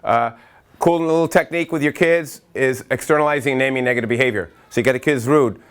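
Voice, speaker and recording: A middle-aged man from Massachusetts giving an energetic training talk to educators, telling stories in quick bursts with self-interruptions and acting out quotes. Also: mid-range voice. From Massachusetts, USA. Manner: lively storyteller who acts out quotes and breaks into chanting. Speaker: workshop speaker for educators.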